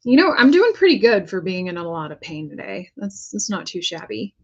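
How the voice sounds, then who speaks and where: A woman's voice: on the low side, very animated, fairly quick, muffled recording. An American woman casually talking herself through painting a prop, chatty and joking as she works. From United States. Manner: chatty, self-talking while working, jokey asides. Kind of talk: casual crafting vlog talk.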